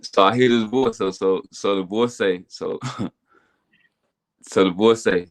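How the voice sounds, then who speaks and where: Animated man telling his story. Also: slow pace, long pauses. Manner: animated storytelling, repeats words, builds to excited high bursts. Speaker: podcast guest, business owner. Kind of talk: casual testimony chat.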